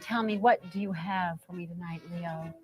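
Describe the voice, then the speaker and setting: A woman's voice: lowish voice, fairly even intonation, normal speed, music in the background. A woman hosting a late-night show in playful casual chat, flirty and teasing, giggling and talking while she chews. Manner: talks while chewing.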